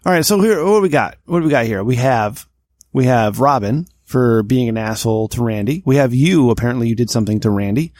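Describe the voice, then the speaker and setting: A man's voice: medium pitch, expressive, brisk, a little mellow, no echo, clean studio sound. A young man co-hosting a casual comedy podcast, reading a news item aloud and ranting with profanity and mocking asides. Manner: profane, mocking rants with mock accents. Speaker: podcast co-host.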